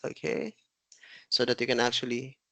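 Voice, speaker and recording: A man's voice: mid-range voice, completely flat delivery, moderate pace, gravelly, sharp tone, no room sound. A man from the Philippines hosting a webinar, speaking hesitantly with many fillers over a video call. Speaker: webinar host. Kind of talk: live webinar moderation.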